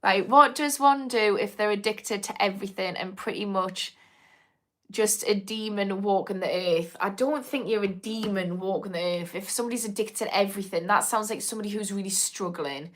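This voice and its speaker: A woman's voice: mid-range voice, moderate pace. A woman, an addiction therapist hosting a casual live-stream Q&A, speaking frankly with swearing and frequent ums. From Newcastle, north of England. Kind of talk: live-stream Q&A, reading viewer comments.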